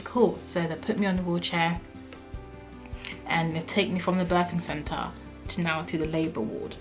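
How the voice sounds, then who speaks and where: A young woman vlogger telling a personal story in a casual, animated way, acting out what people said. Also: on the low side. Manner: animated, acts out quotes, frequent "like".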